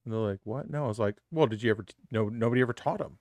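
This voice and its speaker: A man's voice: fairly low pitch, very fast, darkish tone, dry recording. A man co-hosting a live stream, telling joking stories in casual banter, swearing freely and laughing often. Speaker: podcast co-host.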